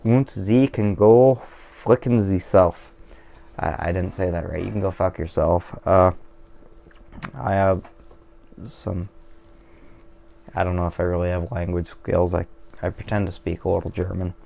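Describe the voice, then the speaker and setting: A deep-voiced man with a gravelly edge talks straight to camera in a relaxed, wandering monologue. He drifts off on tangents, swears casually and makes fun of himself along the way. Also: moderate pace, pauses often. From Washington State, USA. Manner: digressive, profane, self-deprecating. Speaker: vlogger. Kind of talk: casual rambling monologue over beer.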